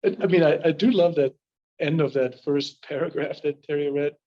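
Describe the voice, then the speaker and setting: A man's voice: on the high side, normal speed. Man leading a discussion, dull recording. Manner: hesitant, checks in with listeners often. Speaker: discussion leader. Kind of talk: leading a group reading discussion. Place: church meeting room. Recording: dull, muffled room recording.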